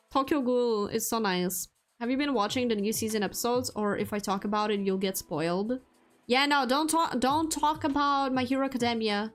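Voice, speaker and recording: A woman's voice: fairly high pitch, moderate pace. A young woman streamer chatting casually with viewers, rambling with lots of fillers and restarts. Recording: faint music behind.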